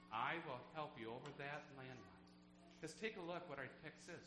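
A man's voice: mid-range voice, normal speed, over music. A man preaching a sermon to his congregation as pastor, earnest and asking them questions. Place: church sanctuary. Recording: echoey church with background hum.

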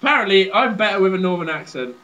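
A young man from southern England co-hosting a radio show, teasing and quick to laugh. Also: high voice, lively intonation, bright, forceful tone. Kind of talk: casual chat. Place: student radio studio.

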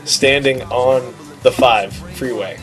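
A man of middle pitch co-hosting a podcast, telling stories in easygoing chat. He is animated and quick to poke fun at himself. Music plays clearly behind him. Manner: animated, self-deprecating storyteller. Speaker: podcast co-host. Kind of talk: casual storytelling chat.

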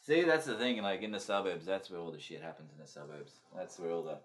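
A low-voiced man co-hosting a casual podcast. He rambles along with frequent swearing. His talk is padded with filler phrases. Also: fast. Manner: rambling and profane, full of "you know" fillers. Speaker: podcast co-host. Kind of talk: casual chat.

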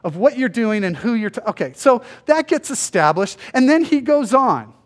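High-voiced male pastor preaching casually. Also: very animated, normal speed. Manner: conversational, acts out biblical dialogue in voices. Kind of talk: sermon.

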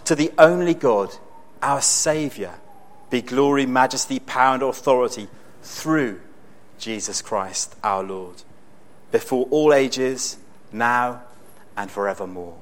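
A man preaching a sermon in a conversational, storytelling way with bursts of excitement. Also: mid-range voice, slow pace.

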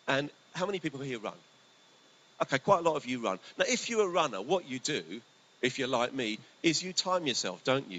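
A male pastor preaching a sermon in a conversational, storytelling way, his voice swinging between lively bursts and hushed asides. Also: medium pitch, poor audio. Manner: conversational, animated, often drops to a hushed voice. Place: church hall. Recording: faint hiss.

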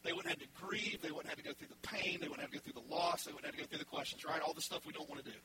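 Animated high-voiced male pastor preaching. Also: racing, very noisy. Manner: animated, acts out voices in the story. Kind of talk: sermon.

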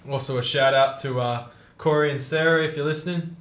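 A young man hosts a loose, casual podcast chat. He gets excitable, swears freely and often breaks into laughter. His mid-pitched voice rings out in a roomy, echoing space. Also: fairly quick. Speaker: podcast host. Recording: roomy echo.

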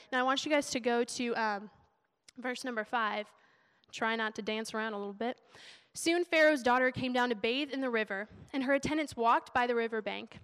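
Chatty high-voiced woman preaching. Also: fairly bright tone. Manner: emotional, chatty, laughing preacher. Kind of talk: sermon. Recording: long hall reverb.

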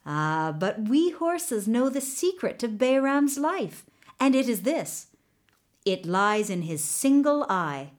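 Kindly little talking horse for a storybook, a woman reading it, unhurried and reassuring. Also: a little high, very animated. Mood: calm. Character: small talking male horse, loyal and brave. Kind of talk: storybook narration.

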